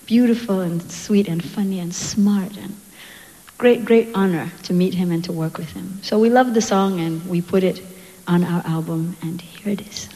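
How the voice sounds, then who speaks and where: A woman singer telling a playful, quick story to a concert audience from the stage. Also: lowish voice, mellow. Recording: live hall with echo and music.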